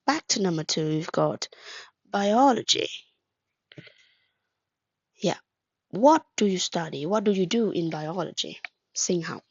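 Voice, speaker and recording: A woman's voice: lowish voice, lively intonation, measured pace, long pauses, breathy edge, dry recording, muffled recording. A woman teaching an English lesson, patient, asking questions, praising and spelling words out, with a mother tongue. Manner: patient, asks questions then praises, glosses words in Vietnamese.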